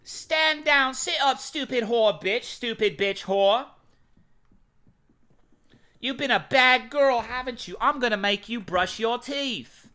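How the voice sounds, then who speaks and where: A man's voice: takes it slowly, clear, resonant tone, exaggerated voice. A man voicing an angry, crude, bossy British man in a mocking impression with a put-on British accent. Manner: shouty, high-pitched mocking impression.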